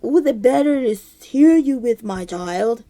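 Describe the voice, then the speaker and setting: A woman voicing the big bad wolf from a storybook, loud and hammy. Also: a little high, animated, unhurried. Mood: sly.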